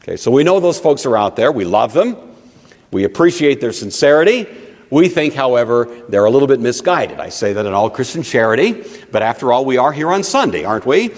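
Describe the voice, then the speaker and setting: A man preaching a teaching sermon in an animated, conversational way with frequent asides. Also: medium pitch, brisk. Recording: long reverb of a large hall.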